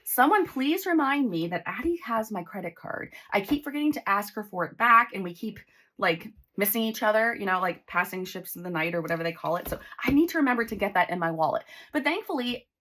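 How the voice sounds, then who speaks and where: Lively chatty woman counting cash. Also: medium pitch, brisk. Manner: chatty, counts bills aloud, excitable. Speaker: budgeting vlogger. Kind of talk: casual chat while counting cash.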